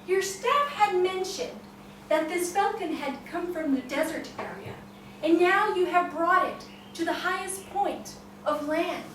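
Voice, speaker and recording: A woman storyteller voicing a humble, wise farmer who explains calmly, in an echoey room from far off. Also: very high-pitched, a little slow, a little hiss or hum.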